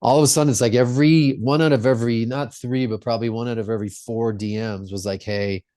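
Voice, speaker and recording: A man's voice: mid-range voice, fairly even intonation, fast, mellow, dry recording, studio quality. A man who is a rock singer, the guest on a podcast, telling stories in an earnest, reflective way. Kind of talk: casual interview storytelling.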